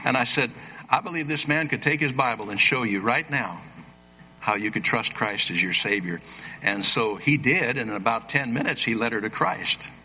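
A man preaching a sermon, telling a story and acting out the voices of the people in it with big jumps in pitch. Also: moderate pace, bright, forceful tone, slightly rough. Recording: roomy hall, dull lo-fi sound.

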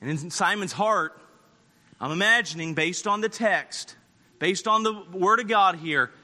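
A male preacher tells a Bible story like a performer, jumping between narration and the voices of the people in it, now low and weary, now shouting. His voice sits high and is piercingly bright. A long hall echo trails every phrase. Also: measured pace. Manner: acts out Bible characters with shifting voices, shouting at peaks. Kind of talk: animated sermon storytelling.

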